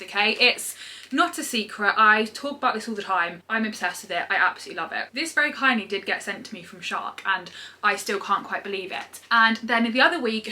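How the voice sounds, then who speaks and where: A young British woman vlogging casually at home, gushing and excitable, full of "literally" and "like". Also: medium pitch. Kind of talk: casual vlog chat.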